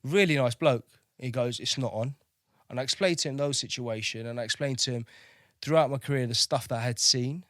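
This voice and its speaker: A man's voice: medium pitch, brisk, fairly bright tone, dry recording, studio quality. A man telling his service story candidly, swearing freely and often asking "do you know what I mean". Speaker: podcast guest, navy veteran.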